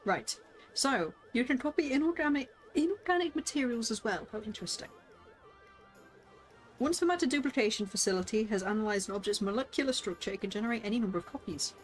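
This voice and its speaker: A woman's voice: a little high, animated, fast. Giggly woman streamer, faint music. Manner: giggly, playful, chatty with viewers. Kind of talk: casual game streaming, reading dialogue aloud.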